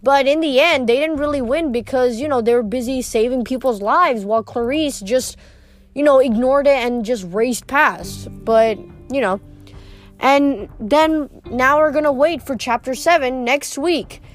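A woman's voice: high voice, unhurried, soft background music. A woman reading a novel aloud in a plain, unpolished way, with small slips and restarts. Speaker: reader.

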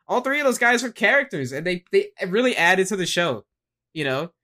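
A man hosting a wrestling podcast in casual chat, animated and laughing often as he acts out quotes. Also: high-pitched, a little fast. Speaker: podcast host.

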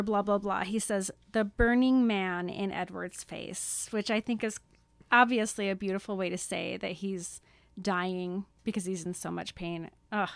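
A woman's voice: mid-range voice, no room sound. A woman co-hosting a casual book podcast, adding wry comments and laughing often. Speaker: podcast co-host. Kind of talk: casual book recap chat.

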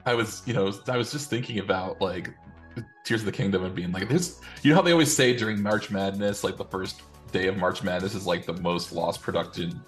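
A man's voice: deep voice, brisk, soft background music. A man in his thirties chatting casually as podcast co-host, rambling and restarting his sentences. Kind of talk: casual chat.

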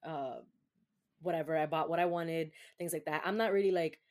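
Young woman host, slightly low voice, swearing and laughing while she tells a story, throws in spanish words. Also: normal speed. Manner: animated, profane, laughing storyteller. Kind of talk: casual storytelling chat.

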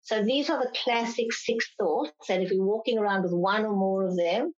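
This clinical psychologist speaks at normal speed with a medium-pitched female voice, answering an interview's questions with patient explanations. At times she mimics parents' complaints in a louder voice, and the recording has a slightly dull, lo-fi quality.

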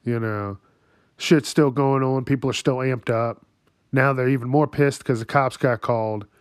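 A man's voice: medium pitch, fairly even intonation, moderate pace, no room sound, clean studio sound. A man ranting crudely about news stories, laughing often between lines. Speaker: commentator. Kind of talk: profane news commentary.

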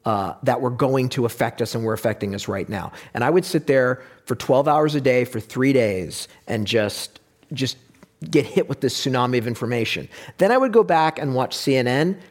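A man talking in a casual discussion, animated and wry, who sometimes slips into mock voices to make a point. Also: medium pitch, normal speed.

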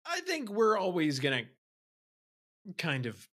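A man's voice: high voice, wildly swooping pitch, measured pace, fairly bright tone. A man co-hosting a casual sports podcast, easygoing and hesitant, with frequent ums. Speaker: podcast co-host.

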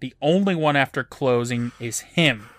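A man's voice: mid-range voice, moderate pace, a bit bright, no room sound. A man co-hosting a podcast, recapping an episode in casual chat with dry, wry remarks and offhand swearing.

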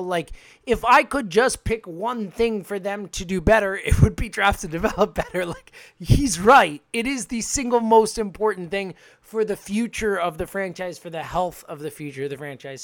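A co-host on a casual sports podcast who argues emphatically, gets animated and laughs easily. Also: mid-range voice, normal speed, no echo.

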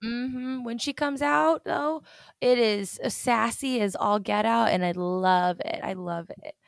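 A woman's voice: fairly high pitch, measured pace, gravelly, clean tone, dry recording, studio quality. Enthusiastic woman podcast host. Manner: enthusiastic, gasps often. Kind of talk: casual chat.

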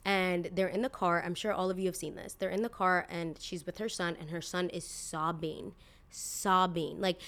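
A woman's voice: fairly low pitch, normal speed, a bit bright. A woman in her twenties hosting a podcast, talking in a blunt, indignant, casual way, full of "like" and the odd swear word. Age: 20s. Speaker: podcast host. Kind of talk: casual opinion podcast monologue.

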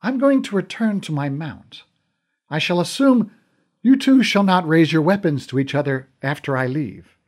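A man narrating an audiobook voices a stern queen mother who gives measured, overly calm commands. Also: on the high side, pitched above the performer's own voice.

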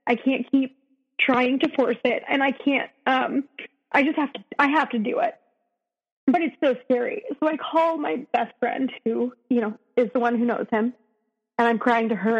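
A woman, a podcast guest, recounting her own story in an emotional, halting way full of restarts. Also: fairly high pitch, breathy edge. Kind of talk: personal storytelling. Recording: dull, echoey recording.

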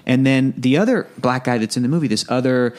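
Mid-pitched man, blunt and opinionated, chatty back-and-forth. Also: quick pace, darkish tone. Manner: opinionated, frequent affirmations, blunt swearing. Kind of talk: casual chat.

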